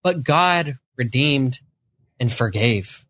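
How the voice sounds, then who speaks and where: A man's voice: mid-range voice, animated, slow, sharp tone, dry recording. A man hosting a faith interview, reflecting back on his guest's story with empathy. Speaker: interview host.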